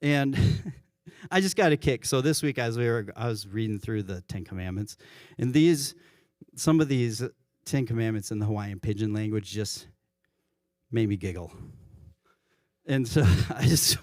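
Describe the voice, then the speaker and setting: A worship pastor giving a conversational church sermon, often correcting himself mid-sentence. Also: male voice, on the low side, animated, unhurried, darkish tone, no room sound, studio quality. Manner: conversational, self-correcting, chuckles at his own examples. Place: church sanctuary.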